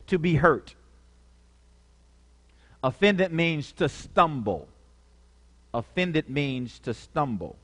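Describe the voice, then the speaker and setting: Man preaching in an echoing church. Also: a little high. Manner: call-and-response, repeats key words. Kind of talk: sermon. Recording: long reverb of a church hall.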